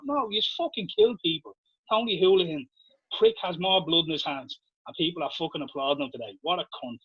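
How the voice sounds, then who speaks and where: A man's voice: on the high side, brisk, breathy edge, dry recording. An Irish man co-hosting a podcast, ranting with heavy swearing in casual chat. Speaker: podcast co-host. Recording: dull lo-fi dry sound.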